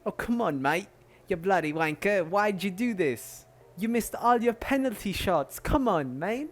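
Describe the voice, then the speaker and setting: A man's voice: sits high, animated, measured pace, voice pushed up. A man voicing an angry male English football fan who scolds and curses at a player. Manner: scolding, exasperated.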